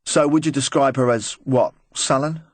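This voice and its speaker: A man voicing a brisk police interrogator who fires short, pointed questions. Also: medium pitch, fairly even intonation, dry recording, pitched above the performer's own voice, close to an everyday voice. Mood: probing. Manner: crisp, pressing questions.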